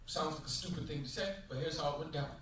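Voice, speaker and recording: A man performing a stand-up comedy set on stage, animated, acting out voices and shouting his punchlines. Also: a little high, fast, distant mic. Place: large hotel ballroom, stage. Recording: loud echoey ballroom, heavy noise.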